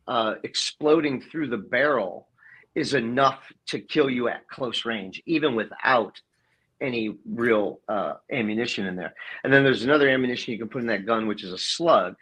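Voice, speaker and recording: A man's voice: mid-range voice, a bit bright, slightly rough, low-quality recording. A middle-aged man from Ohio, an expert guest on a video call, explaining in a casual way with many hesitations and self-corrections. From Ohio, west side of Cleveland.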